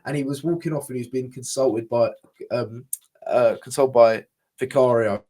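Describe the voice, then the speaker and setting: Warm-toned and mid-range, this young man speaks at a moderate pace with fairly even intonation. As a co-host of a casual podcast, he comes across as passionate and frustrated, swearing freely and often breaking off to begin his sentences again.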